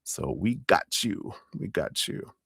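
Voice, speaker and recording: A man with a deep, low voice hosts a live tarot stream and talks in a chatty, upbeat way. His pitch swings widely as he greets and thanks viewers, and he laughs often. The sound is dry and close, with little room echo. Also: lively intonation, takes it slowly, gravelly, fairly bright tone, husky. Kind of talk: casual live-stream shout-outs to viewers.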